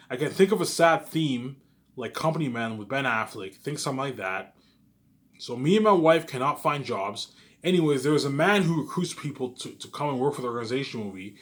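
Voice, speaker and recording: A man's voice: mid-range voice, a bit bright. A young man in a rambling casual monologue, boastful, swearing, repeating and restarting his phrases. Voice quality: repetitive, restarts phrases often. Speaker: vlogger pitching his movie ideas.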